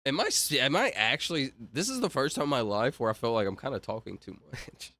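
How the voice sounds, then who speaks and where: A man's voice: mid-range voice, sing-song, a little fast, sharp tone, dry recording. A man chatting casually on a livestream, rambling and interrupting himself while reading chat aloud.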